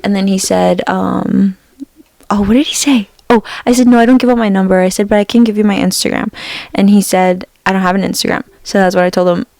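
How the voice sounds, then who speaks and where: A woman's voice: mid-range voice, fairly even intonation, a little fast, vocal fry, a little mellow, dry recording. A woman in her twenties co-hosting a podcast, chatting casually and telling a story while acting out the voices of the people in it. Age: 20s. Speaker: podcast co-host. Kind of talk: casual chat.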